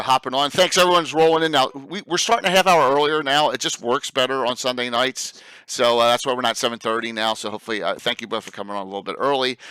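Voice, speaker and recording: Chatty host with a South Jersey accent. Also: male voice, medium pitch, sharp tone, smooth, no room sound. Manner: chatty, laughing, many fillers and restarts. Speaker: podcast host. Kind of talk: casual chat.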